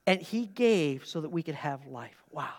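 A male pastor preaching a sermon in a church, telling personal stories with lively asides and questions to the congregation. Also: on the high side, normal speed. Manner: animated, conversational, with asides to the audience. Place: church sanctuary during a service. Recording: long reverb of a large hall.

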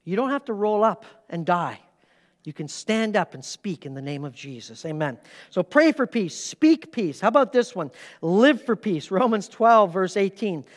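Man, pastor, sermon, emphatic preaching, loud-to-hushed swings, long hall reverb. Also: sits high, expressive, moderate pace.

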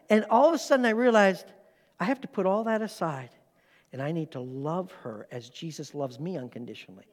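A middle-aged man preaching a sermon in a plain, conversational way, pressing hard on key words. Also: high-pitched. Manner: emphatic, conversational, rising to strong stress. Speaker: pastor. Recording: long reverb of a large hall.

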